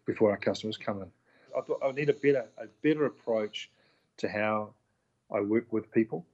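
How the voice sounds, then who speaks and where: A middle-aged chef and restaurant owner with a lowish voice tells stories candidly in a casual interview, and the recording has its highs cut off. He's an animated storyteller who acts out the voices of others and swears now and then.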